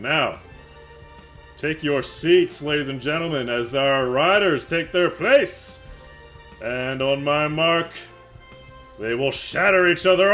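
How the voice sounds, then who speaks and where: A man voicing a booming male arena announcer with grand, drawn-out showman calls. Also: bright, forceful tone. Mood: hyping.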